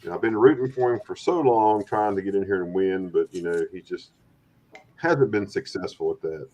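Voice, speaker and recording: A man's voice: low voice, normal speed, dark tone, muffled recording. A man hosting a casual livestream chat, rambling and friendly, often repeating words. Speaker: stream host. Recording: faint background noise.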